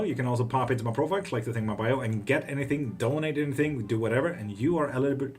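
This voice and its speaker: Male tarot streamer, easygoing, salty language, mid-pitched, faint music underneath. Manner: relaxed, swears freely, greets and answers chat. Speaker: tarot reader and livestream host. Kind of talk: casual live-stream chat.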